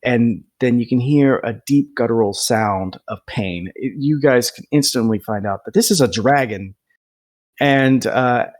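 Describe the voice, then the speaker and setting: A young man narrating as game master, lively and quick to laugh. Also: mid-range voice.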